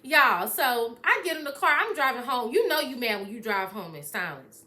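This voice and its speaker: A young woman vlogger telling a story in casual chat, animated and swearing freely, acting out what people said. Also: a little high, normal speed.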